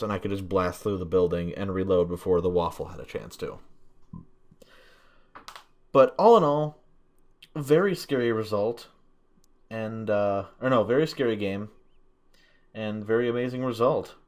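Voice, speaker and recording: A tired young man talking through his own tank game in a flat, monotone commentary, swearing now and then. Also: fairly low pitch. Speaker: gameplay commentator. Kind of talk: gameplay commentary.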